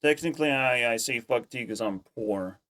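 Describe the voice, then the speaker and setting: A man's voice: mid-range voice, normal speed, sharp tone. A man streaming casual commentary, ranting in a heated, profane way and repeating himself when worked up. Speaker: streamer reacting to clips.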